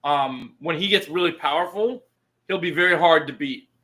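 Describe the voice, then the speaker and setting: A man's voice: fairly high pitch, moderate pace, sharp tone, poor audio. A man hosting a casual live stream, answering chat in an easygoing way.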